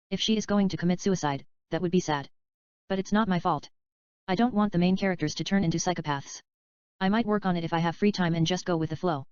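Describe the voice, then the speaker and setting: A chatty, daydreaming male screenwriter, read aloud by a woman talks his way through his ideas. The voice is smooth and a little low, with no real change for the part. The sound is dry and close, and a bit dull and lo-fi. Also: darkish tone, no echo, natural voice. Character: adult male screenwriter, dreamy and rambling. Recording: dull, slightly lo-fi dry recording.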